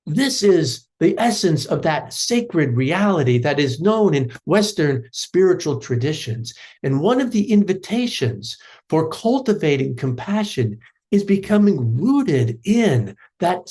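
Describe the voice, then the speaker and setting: A middle-aged man giving a spiritual teaching talk as a theology professor, telling stories in an earnest, halting way with many restarts. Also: sits high, very animated, darkish tone, slightly rough.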